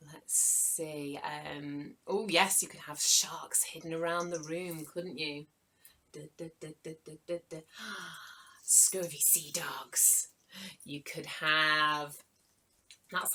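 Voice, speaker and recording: A woman's voice: deep voice, bright, forceful tone, slight background noise, low-quality recording. A woman running a live online writing workshop for children, chatty and encouraging as she greets viewers by name.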